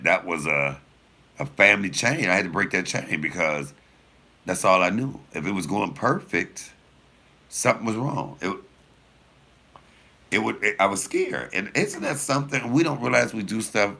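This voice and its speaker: A comedian man tells stories to his viewers in a lively, swooping voice that sits low and turns gravelly. His tone has a bright, forceful edge, and he swears freely as he talks. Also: normal speed. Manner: animated, profane, laughing storyteller; addresses viewers directly. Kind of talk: casual storytelling to viewers.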